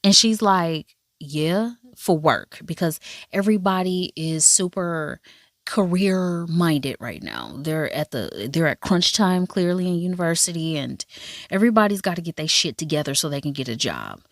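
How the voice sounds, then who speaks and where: A woman giving a casual, profane and animated recap of a drama, with asides in a high voice. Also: moderate pace, no echo, studio quality. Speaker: drama reviewer.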